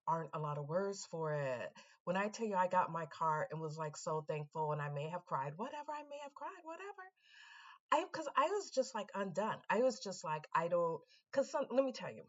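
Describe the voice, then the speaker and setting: Woman, low voice, chatty vlog storytelling, animated, repeats herself, muffled lo-fi sound. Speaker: vlogger. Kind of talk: casual storytelling to camera.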